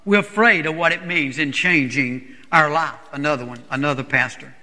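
A man speaks to a church congregation in a high voice with a sharp, bright edge. He preaches earnestly and emphatically, often restarting and repeating his words. His voice rings with the long reverb of a church hall. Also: moderate pace. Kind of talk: sermon testimony to a congregation.

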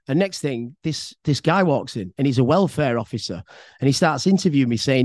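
An English man tells a personal story in a loose, rambling podcast style, swearing freely and often repeating himself as he goes. His voice sits at an ordinary middle pitch, and the recording is dry and close, with no room sound. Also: animated, brisk, a little mellow, no echo. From England. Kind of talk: casual spoken storytelling.

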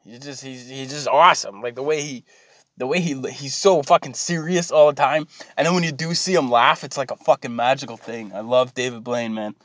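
A man's voice: medium pitch, fairly even intonation, brisk, a bit bright, dry recording. A Canadian man with a Canadian accent, ranting casually in a profane, rambling way that keeps drifting off track. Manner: profane, easily sidetracked, loose and rambling. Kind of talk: rambling comedic rant.

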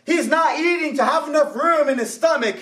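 Man doing a blunt vet, shouted warning, high voice, echoey far-off mic. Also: a little fast. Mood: alarmed warning. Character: blunt male veterinarian giving grim news. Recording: roomy, distant church mic.

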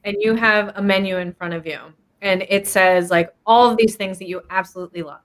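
A woman's voice: medium pitch, fairly even intonation, brisk. A woman co-hosting a podcast in casual chat, explaining her points by talking through everyday examples. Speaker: podcast co-host. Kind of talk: casual chat about weight loss.

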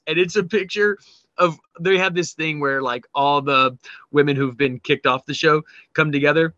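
A man's voice: on the high side, normal speed, no room sound, lo-fi sound. A man co-hosting a podcast, telling stories animatedly with laughter and swearing as he reads memes aloud. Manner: animated, laughing, profane storytelling. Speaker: podcast co-host. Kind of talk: casual chat reading memes.

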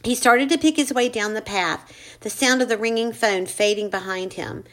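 A woman narrating a ghost story in a measured, suspenseful way. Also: a little high. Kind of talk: scripted narration.

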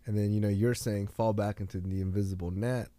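A man's voice: lowish voice, fairly even intonation, brisk, dark tone, dry recording. A man talking earnestly in a casual conversation, telling stories and giving life lessons in a motivational way. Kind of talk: casual podcast chat.

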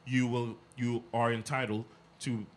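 A man's voice: medium pitch, unhurried, a little hiss or hum. A man, animatedly retelling a run-in in casual chat, acting out the voices. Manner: animated, acts out dialogue in anecdotes.

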